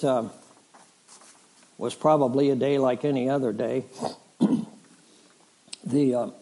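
Male pastor, fairly high voice, deliberate preaching cadence that swells on scripture. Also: dark tone. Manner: slow deliberate preaching, rising in force on scripture lists. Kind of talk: sermon. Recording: audio of a sermon.

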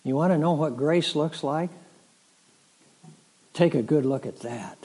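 A middle-aged male pastor preaching a sermon, rising to loud emphatic swells and dropping to soft, solemn lines. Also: fairly high pitch. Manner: slow, dramatic preaching that swells and drops.

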